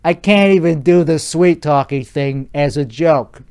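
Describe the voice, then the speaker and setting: A man's voice: fairly high pitch, measured pace, a little mellow, smooth. A man hosting a solo podcast, rambling through a crude comedic riff with restarts and swearing. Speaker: podcast host.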